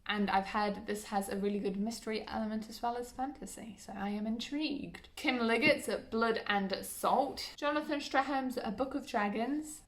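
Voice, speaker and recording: Young woman, casual vlog host, brisk list-reading, chatty asides, mid pitch. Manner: chatty, reads titles briskly, self-deprecating asides. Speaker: book vlogger. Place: at home by a bookshelf.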